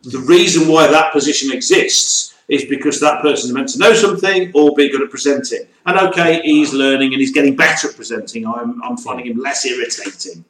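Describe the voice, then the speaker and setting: A man from the East Midlands hosting a casual chat, blunt and prone to loud rants. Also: mid-range voice, a little fast, few pauses, echoey room, rough recording. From East Midlands, England. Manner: blunt, ranting, loud outbursts. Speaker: podcast host.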